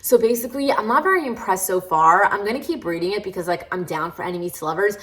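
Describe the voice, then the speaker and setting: A woman's voice: medium pitch, quick pace, fairly bright tone, low-quality recording. A woman book vlogger chatting casually to camera. She is frank and critical, and peppers her talk with "like". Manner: chatty and candid, with many "like" fillers. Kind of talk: casual reading-vlog chat.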